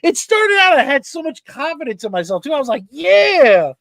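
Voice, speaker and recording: A fast-talking man with a very high voice hosts a relaxed podcast, telling an animated story and swearing freely. The audio has no echo.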